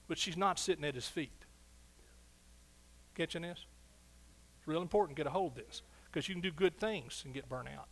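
A middle-aged man preaching a sermon as pastor, animated, swinging between soft asides and loud exclamations. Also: a little high, moderate pace, long pauses.

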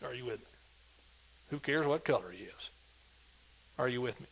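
An older man, a pastor, preaching an animated sermon in a folksy, colloquial way and often asking whether his listeners are with him. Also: medium pitch, normal speed, husky, poor audio. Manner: animated preaching, asks "are you with me?" repeatedly.

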